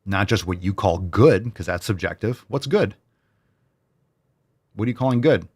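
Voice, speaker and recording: A man's voice: fairly low pitch, animated, normal speed, darkish tone, slightly rough. A man hosting a solo commentary show, ranting in a heated, sarcastic, profane way and repeating phrases for emphasis. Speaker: podcast host.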